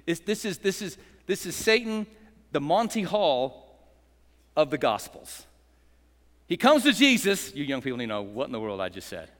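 A man's voice: on the high side, big pitch swings, moderate pace, a bit bright. A male pastor preaching a dramatic sermon in a church, leading call-and-response and slipping in jokes. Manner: dramatic, rousing, call-and-response with joking asides. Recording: echoey hall reverb.

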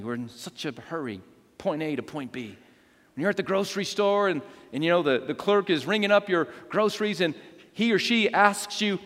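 A man preaching a sermon as a pastor, telling stories with lively, acted-out quotes. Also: a little high, a little fast. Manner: animated storytelling with acted quotes. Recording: long hall reverb.

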